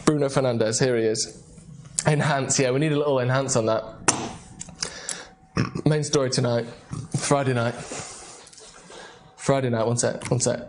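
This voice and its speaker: A man's voice: mid-range voice, fairly even intonation, moderate pace, pauses often, noisy background. A young man hosting a casual live football show, joking and rambling playfully. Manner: jokey, playful, rambling banter. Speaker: host. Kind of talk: casual live-stream chat.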